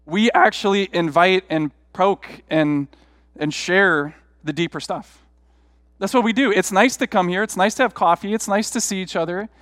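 A man's voice: high voice, normal speed, a bit bright, dry recording, studio quality, big-room sound. A middle-aged man, a pastor, preaching a sermon through rambling, self-deprecating personal stories in a conversational way.

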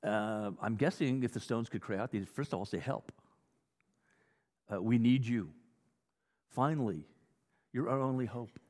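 A male pastor preaching a sermon in a conversational, animated teaching style with frequent restarts. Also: mid-range voice, a little slow, pauses often. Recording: long hall reverb.

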